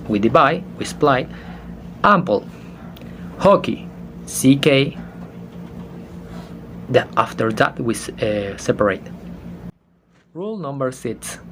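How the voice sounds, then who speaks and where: Slow-talking young student, Spanish native. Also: male voice, medium pitch, slight background noise. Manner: halting, spells out letters, self-corrects. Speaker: student giving a class presentation. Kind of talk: slow explanatory class presentation.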